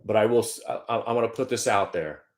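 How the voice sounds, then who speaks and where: A man's voice: fairly low pitch, fast talker. A middle-aged man hosting a stock trading show, giving casual, joking market commentary with mock-emotional outbursts and stumbling repeats.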